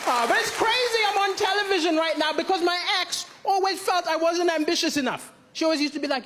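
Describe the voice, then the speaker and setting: A man from Malawi performing a stand-up comedy routine on a theatre stage, with punchy deadpan delivery, acting out other people's lines. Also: extremely high pitch, fast talker, hardly any pauses, noisy background. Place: large theatre stage before a live audience. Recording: live stage mic with crowd laughter and music.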